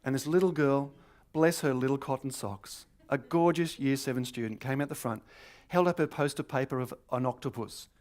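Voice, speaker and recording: A middle-aged Australian man, a stand-up comedian, telling a true funny story in a lively, animated way. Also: medium pitch, moderate pace. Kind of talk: comic storytelling.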